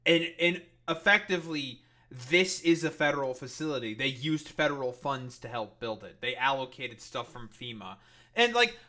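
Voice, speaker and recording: A male streamer rants at news clips with a slightly high, bright voice. He curses freely and rambles in heated political commentary thick with fillers. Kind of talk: angry profane political commentary.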